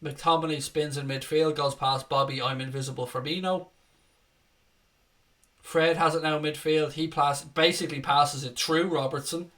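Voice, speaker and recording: A man's voice: fairly high pitch, fairly even intonation, moderate pace, a bit bright. A young man giving live fan commentary on a football match, calling the play and breaking into angry, sweary rants. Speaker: fan watchalong host.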